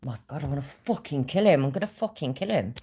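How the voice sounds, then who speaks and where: A woman's voice: rumbling low, lively intonation, fast talker, warm tone, slightly rough. A woman hosting a livestream, ranting angrily with a lot of swearing about being scammed. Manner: angry, swearing, vexed. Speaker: livestream host. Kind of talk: casual livestream rant.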